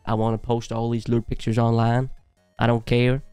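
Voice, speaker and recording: A man's voice: mid-range voice, monotone, normal speed, warm tone, smooth, dry recording, soft background music, lightly acted. A man mimicking a self-absorbed young woman in a mocking, exaggerated way.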